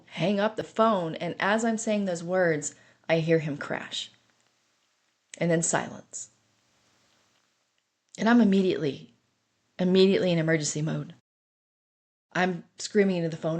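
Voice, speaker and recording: A woman's voice: mid-range voice, normal speed, long pauses. A middle-aged woman telling her own story on a podcast, earnest and intense as she relives it. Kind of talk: personal recovery story podcast.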